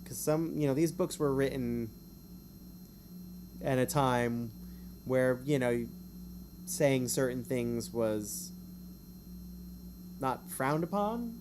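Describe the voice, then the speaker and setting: A man's voice: mid-range voice, animated, darkish tone, a little hiss or hum. A man streaming, reading a gamebook aloud in a casual way, with rambling, self-mocking asides between passages. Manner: chatty, rambling asides, quick to laugh at himself.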